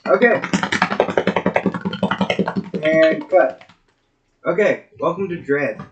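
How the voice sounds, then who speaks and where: A man's voice: a little high, dull audio, music in the background. Man running an ominous tabletop game. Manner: ominous, deliberate scene-setting. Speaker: game master. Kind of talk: narrating a tabletop horror game.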